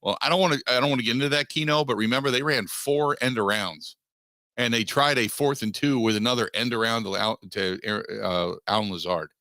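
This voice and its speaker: A man hosting a sports talk radio show, giving opinionated takes in an emphatic way that climbs in pitch as he gets worked up. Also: brisk, pushed and bright, dry recording, studio quality. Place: radio studio. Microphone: studio microphone.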